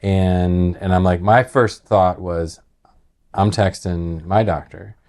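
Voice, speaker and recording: A man on a podcast, telling a personal story in a casual, animated way that sometimes drops low and quiet. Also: slow pace. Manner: animated, laughing retelling that drops to quiet, heavy tones.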